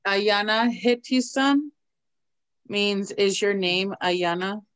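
Woman student on a video call, reads very slowly and carefully. Smooth voice, dry sound. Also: mid-range voice, fairly even intonation, dry recording. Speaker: language student.

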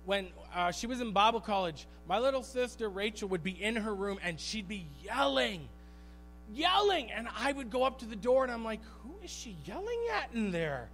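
High-voiced male pastor preaching a sermon. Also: moderate pace, slight background noise. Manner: animated storytelling, acts out quotes, repeats phrases for emphasis. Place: church sanctuary.

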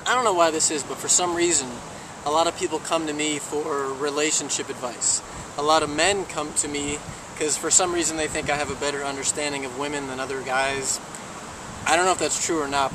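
Casual male vlogger, playful storyteller, slightly high voice, distant mic with noisy outdoor air. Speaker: vlogger telling a joke. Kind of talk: casual joke-telling to camera. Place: outdoors on a beach. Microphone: handheld camera.

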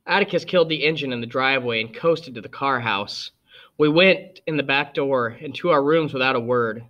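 A man reading a novel aloud as a narrator, with steady storybook delivery. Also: medium pitch, moderate pace, dull audio. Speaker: audiobook reader. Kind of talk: scripted narration.

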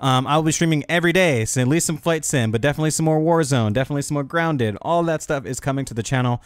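A man's voice: fairly high pitch, quick pace, clear, resonant tone, no echo, studio quality. A man streaming live, chatting casually and upbeat with his viewers.

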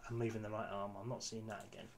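A man's voice: on the low side, vocal fry, noisy background. A man giving casual, exasperated commentary on his football management game, swearing and talking to his viewers. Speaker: gaming YouTuber.

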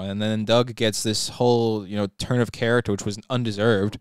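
Young man, podcast co-host, blunt and quick, crisp dry close sound. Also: medium pitch, fairly even intonation, no room sound. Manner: blunt, opinionated, casual swearing. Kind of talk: casual chat.

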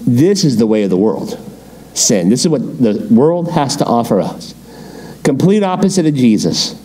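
Animated male pastor teaching. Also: medium pitch, normal speed, a little hiss or hum. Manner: animated, rhetorical questions and quips. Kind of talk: Bible study sermon.

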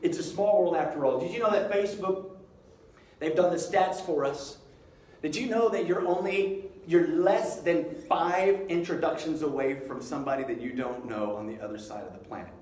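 A man giving a live inspirational talk in a school hall, telling stories in an animated way with joking asides. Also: fairly high pitch, normal speed, far from the mic. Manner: animated storytelling, jokey asides. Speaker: inspirational speaker. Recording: echoey hall, speaker away from mic, faint background hiss.

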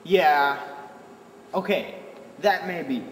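A man's voice: on the high side, slow. A young man in a comedy sketch, arguing defensively and rambling. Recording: echoey room with noise.

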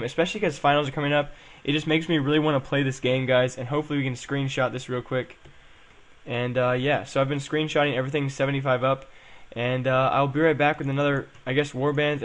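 A young man chatting casually as he plays and comments on a game, rambling and saying "um" and "guys" a lot. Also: mid-range voice. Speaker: gaming channel host.

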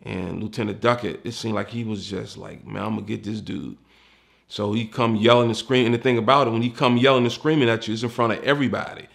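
Gravelly DC man telling a candid story. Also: medium pitch, steady tone, fast talker, hardly any pauses. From Washington, DC. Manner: candid and profane, acts out the people he quotes. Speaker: retired homicide detective recounting his career. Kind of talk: casual personal storytelling.

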